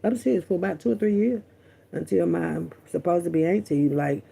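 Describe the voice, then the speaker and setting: A woman's voice: lowish voice, expressive, fairly quick, creaky, warm tone, slightly rough. A woman vlogger talking candidly and bluntly to her viewers, chatty and profane, often repeating herself. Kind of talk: candid casual storytelling to viewers.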